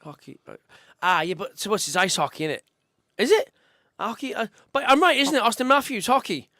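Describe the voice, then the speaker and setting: A man's voice: sits high, brisk, bright, forceful tone, no echo, studio quality. A young man, co-hosting a casual live-stream chat, chatty and emotional and calling everyone mate. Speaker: co-host, youth football coach.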